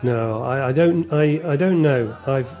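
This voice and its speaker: A middle-aged Englishman, appearing as a guest musician on a casual video call, tells stories in a chatty, self-deprecating way. His voice is medium-pitched, a little slow and warm, with faint music behind it.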